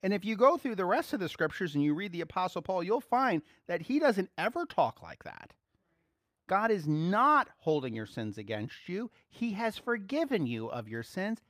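Man preaching, kinda high voice, goes quiet then gets loud and excited, dry close mic. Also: normal speed, dry recording. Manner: animated, swings between soft asides and loud exclaiming. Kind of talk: sermon.

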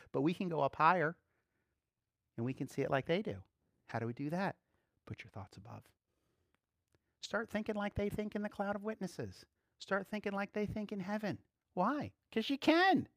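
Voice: medium pitch, moderate pace, no echo, studio quality. A pastor giving an informal, conversational sermon, acting out quotes and small voices and chuckling now and then. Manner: animated, acts out little voices and quotes.

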